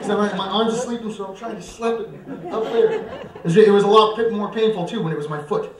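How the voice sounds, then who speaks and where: A young man performing live stand-up comedy, self-mocking and animated. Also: high-pitched, fairly quick, a crowd in the background. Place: church coffeehouse stage. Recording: roomy hall, mic far off.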